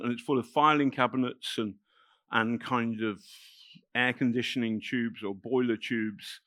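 A middle-aged man, telling a personal story to an audience in a halting, emotional way with many restarts. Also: medium pitch, fairly bright tone, no echo, clean studio sound. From England. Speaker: festival speaker telling a story. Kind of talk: spoken anecdote to a live audience.

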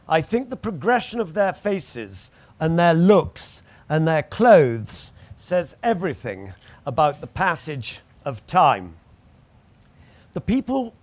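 A man narrating his memoir aloud with wry, anecdotal storytelling. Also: on the high side. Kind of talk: audiobook memoir reading.

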